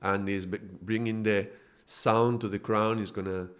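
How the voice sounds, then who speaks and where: A man with a somewhat low voice leads a live-streamed teaching talk into a microphone. He speaks thoughtfully, pausing to search for words and laughing lightly at his own slips. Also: steady tone, fairly bright tone. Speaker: spiritual teacher.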